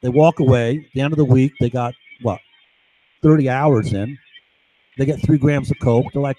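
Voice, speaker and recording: A man's voice: medium pitch, steady tone, moderate pace, warm tone, no echo, rough recording. A man talking in an agitated, rambling monologue from home, with lots of restarts and asides. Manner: agitated, digressive, many restarts and "right?" tags. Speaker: vlogger.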